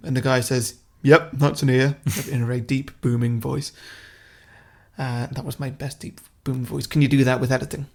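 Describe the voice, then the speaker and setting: A man co-hosting a podcast, casually pitching a silly plot in a long, rambling way and chuckling at his own ideas. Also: level tone, fairly quick, a little mellow. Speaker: podcast co-host.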